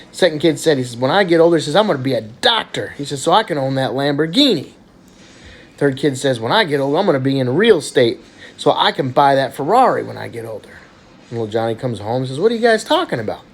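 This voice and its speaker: A man telling a run of dirty jokes in a lively storytelling manner, jumping his pitch up for punchlines and quoted voices. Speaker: joke teller.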